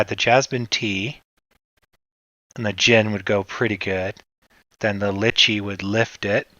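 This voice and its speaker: A man from Canada hosting a casual livestream, rambling in a relaxed way and answering his chat. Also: fairly low pitch, dry recording, highs cut off. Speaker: livestream host.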